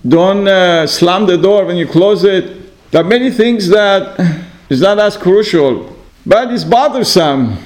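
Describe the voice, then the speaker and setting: A man with a notably high voice gives a relaxed religious lesson to a small group. He speaks in loose, repeating phrases, leaning on "you know", and now and then sinks into quiet asides. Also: unhurried, poor audio. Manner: repetitive, many "you know" fillers, acts out exchanges. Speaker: religious teacher. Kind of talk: informal Torah class.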